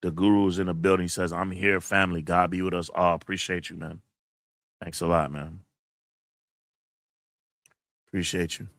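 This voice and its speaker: A man with a low voice, recorded in studio quality with no echo, hosts his own channel. In a casual livestream he vents to the camera bluntly, profanely and emotionally, close to tears, while reading out chat messages.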